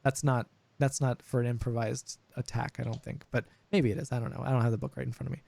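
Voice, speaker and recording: A man's voice: medium pitch, steady tone, quick pace, vocal fry, a little mellow. A young man running a tabletop game as dungeon master, chatting casually with many fillers and restarts. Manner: rambling, frequent fillers and restarts. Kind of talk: casual chat over voice call.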